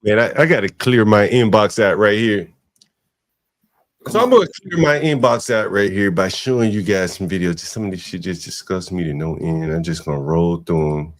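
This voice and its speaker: A man's voice: low-pitched, expressive, normal speed. A man hosting a podcast, giving blunt, profane, exasperated commentary on video clips. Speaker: podcast host.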